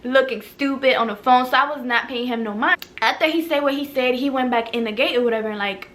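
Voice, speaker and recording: A woman from Maryland telling a story to her viewers in a casual, animated, profane way, filled with "like". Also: high-pitched, fast, slight background noise.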